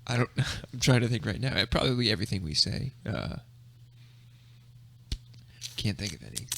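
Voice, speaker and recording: A Southern American man in relaxed podcast chat, laid-back and quick to laugh. His low voice has a gravelly edge and a bright tone. His pitch moves around a lot as he talks. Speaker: podcast co-host. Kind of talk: casual chat.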